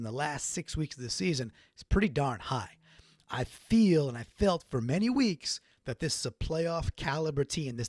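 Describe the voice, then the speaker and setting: Guy rambling on his sports podcast, bit high-pitched, real dry close mic. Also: no room sound. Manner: casual, chatty, rambling with restarts. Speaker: podcast host. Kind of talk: solo sports recap podcast.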